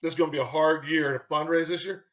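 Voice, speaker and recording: A man in his sixties, a former baseball manager, telling lively stories as an interview guest and acting out what people said. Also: a little high, fast talker. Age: 60s. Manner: animated, acts out quotes in voices. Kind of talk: storytelling in a faith interview.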